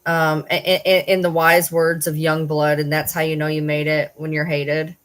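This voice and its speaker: A woman's voice: sits low, level tone, normal speed, low-quality recording. A young woman vlogger chatting casually on a livestream, talking to viewers and baby-talking to her dogs.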